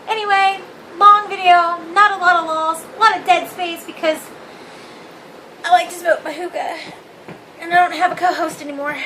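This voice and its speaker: A young woman hosts a casual opinion vlog, talking straight to her phone in her living room. Her voice sits very high and sounds bright and sharp. She is blunt, swears freely and pokes fun at herself, with a faint hiss under the recording. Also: rough recording. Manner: candid, swearing, self-mocking. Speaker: vlog host. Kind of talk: casual opinion rant to camera.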